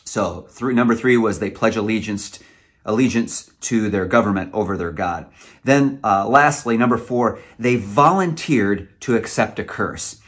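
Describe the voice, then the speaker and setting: A man's voice: on the low side, measured pace, a bit bright. A man preaching a sermon, earnest and emotional, sometimes stumbling over his words.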